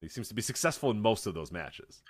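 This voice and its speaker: Man, podcast co-host, casual chat, jokey, laughs often, animated intonation. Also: on the low side, fast talker.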